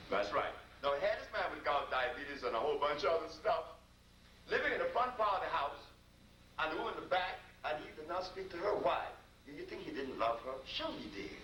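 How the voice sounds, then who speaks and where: A man, a healer, tells stories to a live audience in a lively, conversational way, talking straight to his listeners. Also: on the high side. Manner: animated, conversational storytelling with asides to listeners. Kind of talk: storytelling talk to a live audience. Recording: roomy, distant mic with noise.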